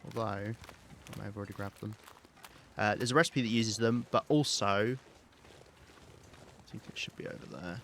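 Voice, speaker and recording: A British man talks through a live game stream in a low, easygoing register. He thinks aloud in loose, rambling sentences full of ums and restarts. Faint noise hums underneath his voice. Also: steady tone, a little slow, pauses often, a bit bright. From Britain. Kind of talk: live gameplay commentary.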